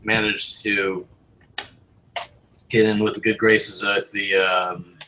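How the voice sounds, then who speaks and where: A man's voice: fairly low pitch, little pitch movement, slow, sharp tone, a little hiss or hum, poor audio. A young man narrating a tabletop horror game as game master, casual and rambling, with lots of ums and swearing.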